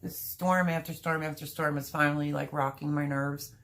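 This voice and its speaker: A woman hosting a casual livestream, talking straight to her viewers with a gravelly, somewhat low voice. She sounds apologetic and flustered, her voice rough and a bit choked up. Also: fairly even intonation, normal speed, a bit bright. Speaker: homestead channel host.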